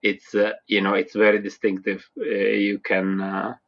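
A man from southern Italy speaks English with an Italian accent, pitched a little low. He talks in a halting, casual way full of fillers and restarts. The recording sounds dull and lo-fi. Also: monotone, creaky. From Italy, small town near Naples. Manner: hesitant, many fillers and restarts, laughs often. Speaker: guest. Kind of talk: casual interview chat.

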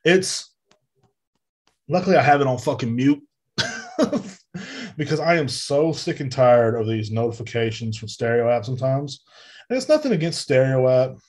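A man's voice: medium pitch, wildly swooping pitch, normal speed, pauses often, breathy edge. A man, hosting a podcast in a heated, profane solo rant. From Texas. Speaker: podcast host. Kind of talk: casual monologue.

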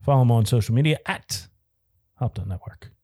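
A man co-hosting a casual beer podcast, relaxed and joking, with lots of ums and uhs. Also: medium pitch, brisk. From southeastern Pennsylvania. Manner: joking, laid-back, lots of fillers. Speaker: podcast co-host. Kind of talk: casual chat.

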